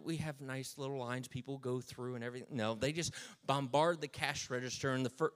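A man in his thirties with a slightly high voice tells a funny story from his own life. He jokes at his own expense in a dry, lively way. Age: 30s. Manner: self-mocking, dry jokes, lively retelling. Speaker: speaker telling a personal story. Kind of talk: humorous personal storytelling.

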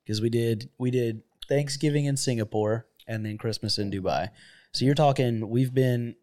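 A man's voice: mid-range voice, moderate pace, warm tone, no echo. A man chatting casually in a laid-back way, adding his own asides to a friend's stories. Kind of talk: casual chat.

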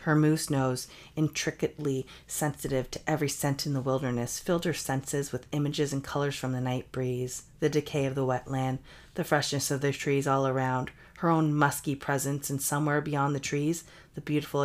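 A woman with a low voice reads a spooky, racy tale aloud for a comedy podcast. She narrates steadily and breaks in with playful jokes of her own. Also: flat delivery, normal speed, darkish tone. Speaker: podcast co-host reading a story. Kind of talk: comedic story reading with banter.

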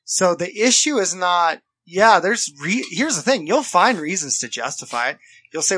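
Man, podcast co-host, earnest casual chat, bright tone, slightly high, dry sound. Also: very animated, normal speed, slightly rough, no echo. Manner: earnest, quotes others in put-on voices.

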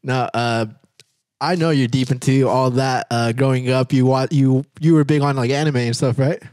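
A man's voice: medium pitch, fairly even intonation, normal speed, darkish tone, no room sound. A man in his twenties hosting a casual podcast chat, easygoing and agreeable, in a studio. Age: 20s.

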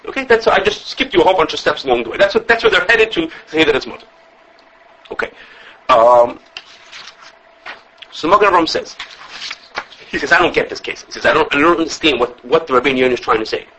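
A man teaching an informal religious law class, talking fast with lots of restarts and acting out the sources he quotes. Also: fairly high pitch, expressive, pushed and bright, slight background noise, rough recording. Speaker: Torah teacher.

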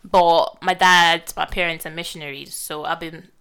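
A young woman with a Nigerian accent, co-hosting a casual podcast chat in a chatty, animated way. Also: fairly low pitch, moderate pace. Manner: chatty, laughs often, animated. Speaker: podcast co-host.

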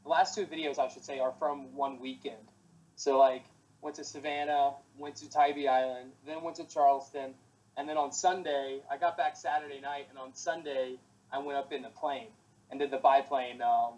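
A man's voice: medium pitch, steady tone, normal speed, darkish tone, low-quality recording. A young man in casual chat, laid-back and rambling with lots of fillers.

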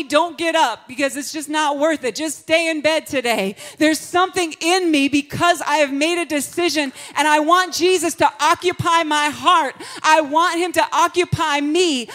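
A woman pastor giving an Easter sermon, moving from hushed, confiding talk to fervent shouted praise, breaking into sung phrases and frequent laughter. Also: sits high.

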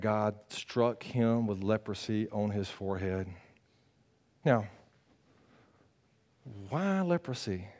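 A pastor preaching a sermon in a conversational, animated way, swinging between loud bursts and quiet, earnest talk and teasing his congregation. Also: fairly low pitch.

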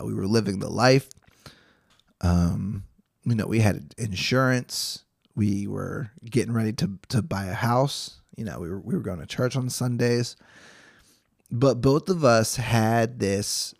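A man's voice: on the low side, vocal fry, darkish tone, no room sound, studio quality. A young man hosting a Bible study podcast, reading scripture and chatting casually with jokes and frequent restarts. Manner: chatty, jokey, self-interrupting.

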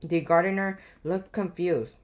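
A woman reading a children's picture book aloud, with clear storybook narration. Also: lowish voice, steady tone, a little slow. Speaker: guest reader.

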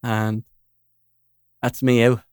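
A man's voice: mid-range voice, little pitch movement, drawn-out words, a little mellow, clean tone, dry recording, studio quality. Upbeat Irish man hosting a podcast. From Ireland. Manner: upbeat, eager, repeats his agreement. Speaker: podcast host. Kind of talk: casual chat.

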